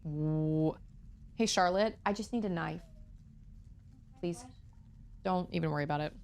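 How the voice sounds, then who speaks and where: A woman's voice: fairly low pitch, a little slow, creaky, darkish tone. A woman streamer chatting casually and thinking aloud while she plays a game. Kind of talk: casual gameplay chat.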